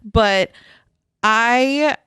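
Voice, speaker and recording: A woman's voice: fairly high pitch, drawn-out words, pushed and bright, smooth, dry recording, clean studio sound. A young woman co-hosting a podcast, telling a story in a blunt, profane way and laughing often. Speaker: podcast co-host. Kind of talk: casual storytelling chat.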